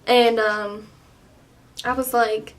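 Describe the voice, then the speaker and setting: A woman in her twenties telling a storytime vlog, animated and full of "like", with some swearing. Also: on the high side, extremely slow, recorded from a distance, slight background noise. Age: 20s. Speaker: vlogger.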